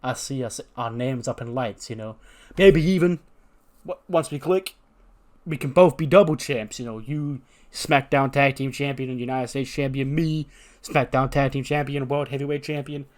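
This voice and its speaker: A relaxed male wrestler who talks in a casual, unhurried way and answers with questions, as a man puts him on. The voice sits at a middling male pitch and stays close to the narrator's own. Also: natural voice. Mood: laid-back.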